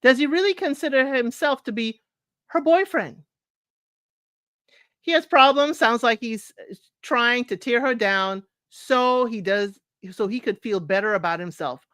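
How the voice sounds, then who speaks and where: A woman's voice: fairly high pitch, unhurried, dry recording. Exasperated woman host reading online posts. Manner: animated, exasperated, talks straight to listeners. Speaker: advice show host.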